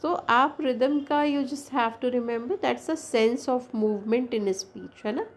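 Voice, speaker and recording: A woman's voice: a little high, fast talker. A woman with an Indian English accent, a native Hindi speaker, giving a classroom lecture. She explains in a roundabout way with many fillers and restarts. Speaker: English teacher.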